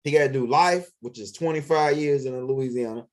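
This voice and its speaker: A man's voice: medium pitch, moderate pace. A man telling a story in a casual monologue, rambling, profane and full of repeats and restarts. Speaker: vlog host telling stories.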